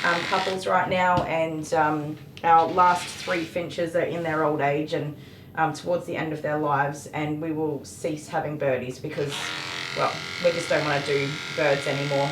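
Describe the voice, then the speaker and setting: Deep-voiced and unhurried, this woman delivers her words flatly while grooming a dog on a live stream. Her casual chat turns passionate and ranty, sprinkled with mild swearing, against clipper noise in an echoey space.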